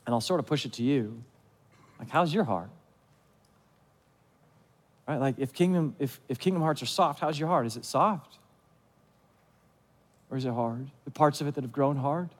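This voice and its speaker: A man, the pastor, preaching a sermon in a conversational way, asking the listeners questions and acting out short asides. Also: on the high side. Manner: acts out short voiced asides. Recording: long hall reverb.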